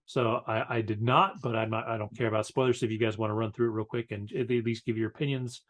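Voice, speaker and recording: Lower-pitched male podcast co-host, casual and halting. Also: fairly even intonation. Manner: hesitant, many fillers and restarts. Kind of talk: casual chat.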